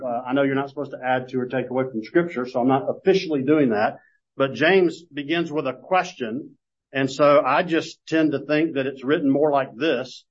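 A man teaches a Bible class with a folksy, self-deprecating storytelling manner, then reads scripture in a measured way. His voice sits at an ordinary pitch. The recording is dull and lo-fi.

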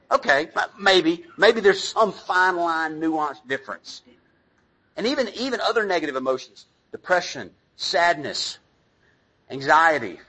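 Male pastor, middle-aged, sermon, chatty asides, bright edge, husky tone. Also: on the high side, rough recording. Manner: conversational, self-deprecating preaching with asides to the congregation.

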